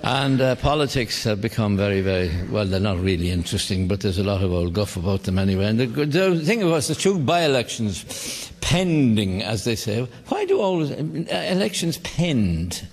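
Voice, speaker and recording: Older Irish male comic, husky gravelly voice with lively pitch, dry rambling delivery, live theatre reverb. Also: normal speed, hardly any pauses. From Ireland. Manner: wry rambling storytelling with dry asides. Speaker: stand-up comedian. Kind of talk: live one-man comedy show. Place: theatre stage before a live audience. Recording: live theatre recording with long hall reverb.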